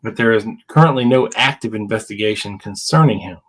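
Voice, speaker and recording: A man's voice: lowish voice, a little fast, a bit bright, husky, poor audio. A podcast host in his fifties chatting casually and reading old legal papers aloud with wry asides. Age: 50s.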